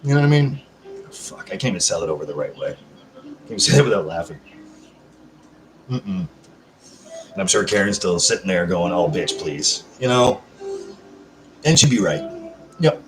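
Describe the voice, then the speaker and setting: A man's voice: low voice, lively intonation, normal speed, long pauses. A man hosting a casual live chat, rambling, swearing freely and answering viewer comments. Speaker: livestream host. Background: background music.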